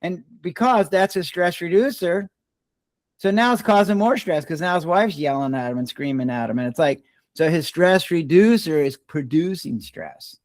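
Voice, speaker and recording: A man's voice: on the high side, moderate pace, no echo. Older man telling stories in a dry, close sound. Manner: relaxed, rambling storyteller who restarts words mid-sentence. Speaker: podcast guest, retired doctor. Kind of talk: casual storytelling conversation.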